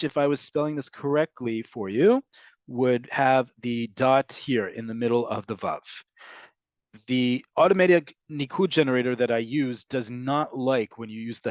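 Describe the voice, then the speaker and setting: A man's voice: medium pitch, dry recording. Man teaching in a dull, dry recording. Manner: explanatory, patient, reads out student questions; frequent "um" and "right?" fillers. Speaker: Hebrew teacher. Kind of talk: online class answering questions.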